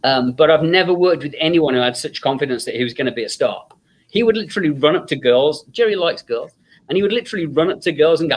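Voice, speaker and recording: A man's voice: on the high side, fast talker, breathy edge. A man telling anecdotes in a casual chat, acting out the voices of people in his stories and laughing often. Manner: animated storyteller, acts out quoted voices, laughs often. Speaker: guest filmmaker.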